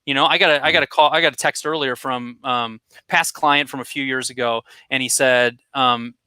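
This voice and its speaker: Man, bright edge to the voice, dry sound, energetic marketing coach. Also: mid-range voice, clean tone, dry recording. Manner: energetic, direct, coaching tone with quick asides. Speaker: marketing guest expert. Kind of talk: conversational coaching advice.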